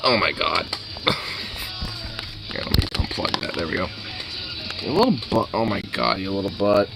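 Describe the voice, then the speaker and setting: A man's voice: on the low side, very animated, measured pace, creaky, long pauses, music in the background, rough recording. A young man at home chatting to his dog while brushing it, teasing and playful with crude swearing. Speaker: dog owner vlogger.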